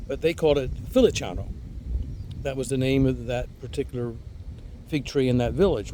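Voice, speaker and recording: A man's voice: mid-range voice, darkish tone, a little hiss or hum. A man hosting a casual garden vlog outdoors, talking in an enthusiastic, rambling way and repeating words as he goes. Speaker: fig grower and channel host.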